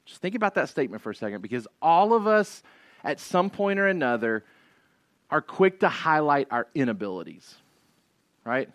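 A man's voice: on the high side, sing-song, moderate pace, a bit bright, no room sound. A male pastor preaching an expository sermon in a conversational way, often asking "right?" and repeating key phrases for emphasis.

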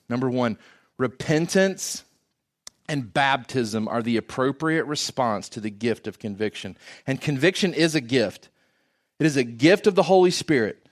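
A man's voice: mid-range voice, lively intonation, normal speed. A man preaching a sermon in an earnest, emphatic way, often asking rhetorical questions.

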